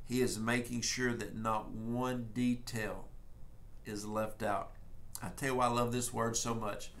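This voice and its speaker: A man from Texas with a Texan accent preaches a prophetic sermon mixed with occasional casual storytelling. His medium-pitched voice is a bit bright and shows little pitch movement, while his folksy, emphatic delivery shifts between faster and slower.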